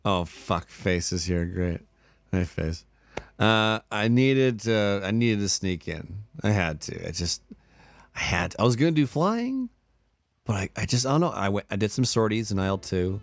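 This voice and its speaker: A man's voice: on the low side, big pitch swings, normal speed, no echo. A man hosting a casual live stream, tired but upbeat and chatty, laughing often as he thanks subscribers one by one. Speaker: livestreamer. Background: faint background music.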